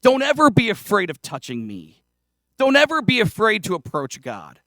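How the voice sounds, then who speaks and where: A man's voice: sits high, huge pitch swings, normal speed, bright, forceful tone, no echo, studio quality. A male pastor preaching a sermon in a conversational, self-deprecating way, with casual asides. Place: church sanctuary.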